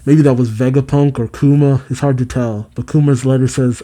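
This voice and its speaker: A man's voice: mid-range voice, level tone, fairly quick, few pauses, mellow. A man hosting a manga reaction, reading the chapter aloud and adding casual asides.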